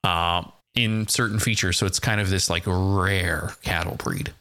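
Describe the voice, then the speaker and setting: A man's voice: low voice, steady tone, measured pace, sharp tone. A man hosting a casual podcast quiz, reading out facts in a dry, matter-of-fact way. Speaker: podcast host.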